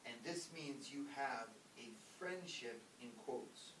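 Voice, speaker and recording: Slow-speaking and a bit bright in tone, a Catholic priest delivers a casual ethics lecture, emphatic and conversational, acting out his examples. The mic sits far off in a roomy space, and a faint rumble lies underneath.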